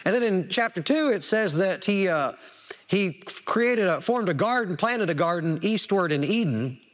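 A man's voice: sits high, animated, moderate pace. A man preaching a sermon, repeating words for emphasis and asking the congregation questions. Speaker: pastor.

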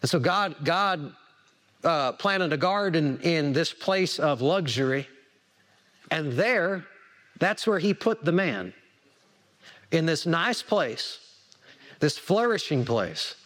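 Animated high-voiced preacher man. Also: slow, pauses often. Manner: animated, repeats words for emphasis, asks the congregation questions. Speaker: pastor. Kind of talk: sermon.

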